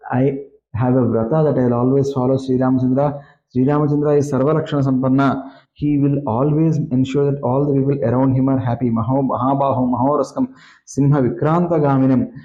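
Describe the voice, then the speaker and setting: Guy chanting verses then explaining them, mellow voice, roomy and a bit muffled. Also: mid-range voice. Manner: chants Sanskrit verses, then paraphrases in English with many fillers. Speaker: scripture reader and explainer.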